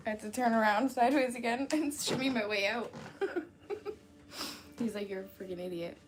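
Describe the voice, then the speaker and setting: A woman's voice: fairly high pitch, a little slow. A young woman chatting casually to her live chat, rambling with lots of fillers, laughing often and swearing freely. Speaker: livestream host.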